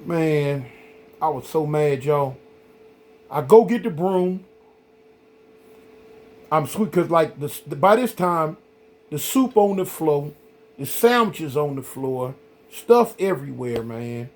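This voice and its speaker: A middle-aged man hosting a vlog, telling a story in a casual, rambling, animated way, full of "man" and "y'all". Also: a little high, slow pace, long pauses. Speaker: vlog host.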